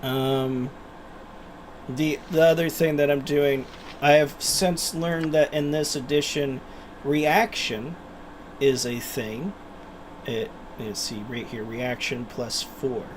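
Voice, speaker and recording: A man's voice: mid-range voice, steady tone, slow, slight background noise. A man hosting a gaming channel, talking animatedly in casual let's-play commentary and laughing at himself.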